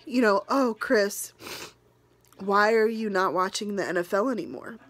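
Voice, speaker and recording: A New England woman vlogger, emotional and close to tears, speaks directly to her viewers in a mid-range voice at a measured pace, with no room sound. Her personal talk is earnest and rambling, full of restarts and heartfelt asides.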